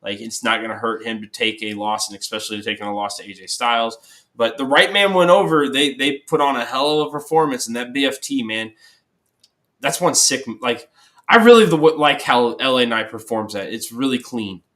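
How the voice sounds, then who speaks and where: A man with a bright, edgy voice co-hosts a relaxed wrestling recap show. He gives his opinions in an easygoing, plainspoken way. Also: medium pitch, normal speed. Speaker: podcast co-host. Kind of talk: casual wrestling recap chat.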